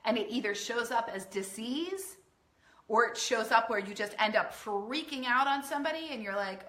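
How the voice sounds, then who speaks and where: A woman coach talks to her online audience in an earnest, emphatic way, slipping into the inner voices she describes. Her tone is bright and forceful. The room around her is echoey. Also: on the high side, normal speed. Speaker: weight-loss coach. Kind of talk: live-streamed coaching talk.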